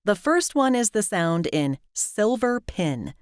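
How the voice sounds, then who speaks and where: American woman, pronunciation teacher, slow careful delivery, lively lilting pitch, dry close sound. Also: dry recording. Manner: clear, careful enunciation of example words. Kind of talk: scripted instructional narration.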